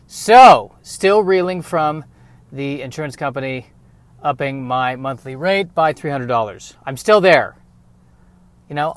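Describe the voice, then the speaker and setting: A man's voice: fairly high pitch, smooth, dry recording. A man in his thirties hosting a podcast, rambling through a self-deprecating comedic monologue. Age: 30s. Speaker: podcast host.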